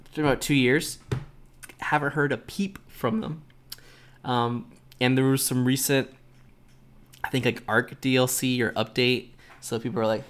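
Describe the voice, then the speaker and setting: A man's voice: medium pitch, fairly even intonation, normal speed, a bit bright. A man hosting a podcast alone, speculating in a casual, loose way. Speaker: podcast host. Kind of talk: solo podcast commentary.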